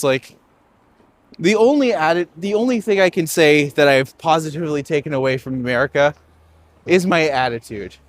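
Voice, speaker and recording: A man from Canada, a tour guide, chatting and joking while walking uphill outdoors. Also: fairly high pitch. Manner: joking and chatty, laughs often. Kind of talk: casual chat while walking.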